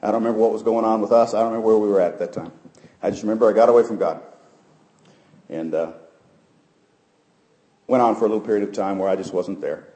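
Middle-aged male pastor, sermon with testimony, quiet asides to loud peaks, echoey church room. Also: quick pace, pauses often. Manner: swings from soft, low asides to loud, high preaching peaks. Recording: roomy church sound.

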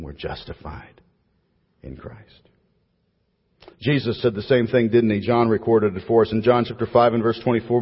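A man's voice: medium pitch, slightly rough. Preaching man in an echoey hall. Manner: emphatic preaching with repeated phrases trailing off softly. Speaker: pastor. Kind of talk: sermon. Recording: dull, echoey church hall.

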